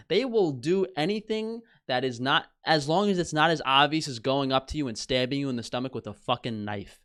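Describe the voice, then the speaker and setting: A man's voice: medium pitch, lively intonation, fairly quick, hardly any pauses, a bit bright. Profane ranting male streamer. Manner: profane, scornful, reads headlines aloud. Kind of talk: casual ranting commentary.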